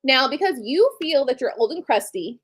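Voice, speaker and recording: Late-30s woman on a live stream, kinda high voice, blunt and candid, swears casually. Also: animated, moderate pace, husky. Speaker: livestream host.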